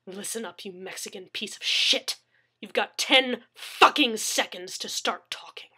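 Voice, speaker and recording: Villain in whispered role-play: woman doing a cold, hissing male thug, slow and quiet. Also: mid-range voice, steady tone. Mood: threatening. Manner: cold, threatening, hissed. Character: menacing male thug with a gun.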